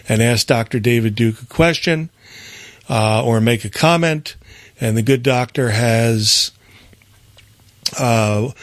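A man's voice: medium pitch, no room sound. A man co-hosting a call-in radio show, running through the station lineup in a loose, rambling way with many fillers. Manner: rambling, with frequent fillers and restarts. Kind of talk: casual radio announcement.

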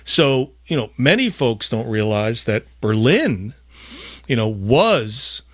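A man hosting a podcast, talking in an emphatic, rambling way with big swings in loudness. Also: medium pitch, sing-song, slow pace, no room sound, clean studio sound. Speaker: podcast host. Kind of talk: casual podcast talk.

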